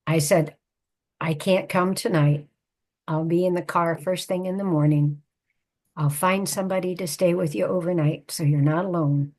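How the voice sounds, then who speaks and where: Husky-voiced older woman telling a story. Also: on the low side, fairly even intonation, darkish tone. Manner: measured, reflective storytelling. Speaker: guest, psychotherapist and author. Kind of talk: personal storytelling in conversation.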